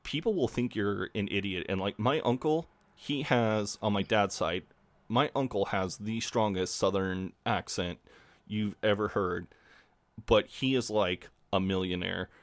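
A man with a Midwestern American accent and a fairly low voice chats on a podcast. The sound is dry and close, and he rambles easily, leaning on "um" and "like.". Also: unhurried, dry recording. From Midwestern United States. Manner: rambling, laid-back, many fillers. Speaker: podcast co-host. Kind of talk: casual podcast chat.

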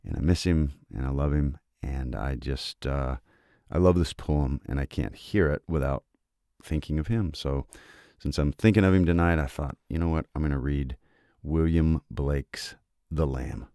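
A man hosting a podcast, talking quietly and haltingly before he reads a poem aloud. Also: very deep voice, clear, resonant tone, dry recording, clean studio sound. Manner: soft-spoken, halting, emotional. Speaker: podcast host. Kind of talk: casual reading and reflection.

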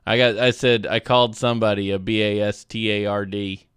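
A man's voice: fairly low pitch, steady tone, fairly quick, fairly bright tone, smooth, no room sound. Easygoing man co-host, dry sound. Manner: easygoing, laughs often, tells stories. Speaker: podcast co-host. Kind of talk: casual chat.

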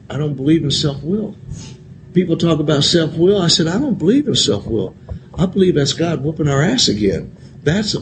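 A man's voice: fairly high pitch, noisy background. A man telling his recovery story to a convention audience, candid and profane, talking straight to the crowd and repeating phrases for emphasis. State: emotional at times. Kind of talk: personal recovery share to an audience.

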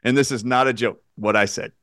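A male radio host telling an animated anecdote, acting out the voices of the people in it, with a joking, outspoken manner. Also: mid-range voice, a little fast, no room sound, clean studio sound. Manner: animated anecdote-teller who acts out quotes. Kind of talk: storytelling on a radio talk show.

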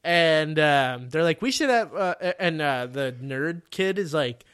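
A man with a fairly high voice tells a story in casual chat. He is animated, swears freely, and jumps into the characters' lines. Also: slow, clear, resonant tone.

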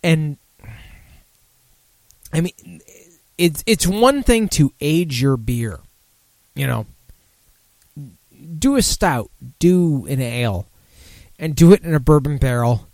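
A man's voice: on the high side, expressive, slow, long pauses, a little mellow, no room sound. A drunk man hosting a casual beer talk show, rambling, swearing and losing his thread. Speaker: podcast host.

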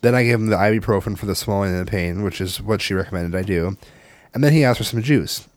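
A man in his thirties telling a family story in casual chat, animated and swearing, acting out the voices of the people in it. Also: lowish voice, fast talker, no room sound.

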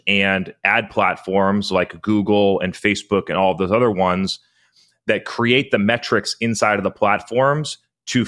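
A man's voice: lowish voice, fairly bright tone. A man who hosts a podcast and runs a marketing agency, explaining his view in a casual, businesslike, agreeable way.

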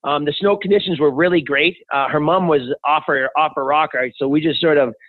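A Canadian man appears as a podcast guest in a conversational interview, enthusiastically telling personal stories. His fairly high voice is brisk and steady, with no echo, over a tinny, phone-like remote line.

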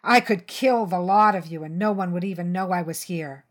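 A woman's voice: medium pitch, a little slow, close to an everyday voice. A woman doing a snarling, menacing brute of a man. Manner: snarling, threatening, sneering. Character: brutal menacing adult man, a violent stepfather.

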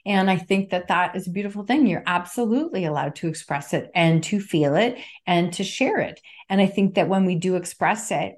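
Earnest woman in her fifties, low voice. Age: 50s. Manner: earnest, repeats key phrases for emphasis. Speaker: podcast guest, NLP trainer and author. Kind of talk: casual interview conversation.

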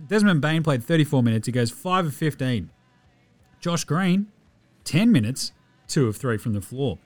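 A man hosts a casual basketball podcast, running fast through stats and swearing freely. His voice sits a touch high, and the recording is dry and close. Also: animated, no echo, soft background music. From Australia. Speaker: podcast host. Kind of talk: casual sports recap.

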